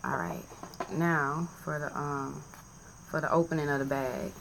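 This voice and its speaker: A woman vlogging in a casual, animated and profane way, joking as she compares tea bags to camera. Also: low-pitched, a little slow, vocal fry, noisy background. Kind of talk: casual chat.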